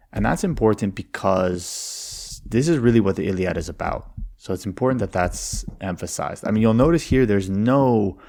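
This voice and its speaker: A man's voice: sits low, gravelly, a little mellow. A man giving an explanatory lecture on classical verse, reading lines aloud and tapping out the meter syllable by syllable.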